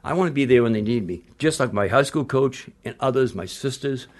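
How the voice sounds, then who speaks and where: A man's voice: medium pitch, expressive, a little fast. An older man, a retired basketball coach, telling stories in a casual interview, blunt and rambling, with frequent restarts and salty language.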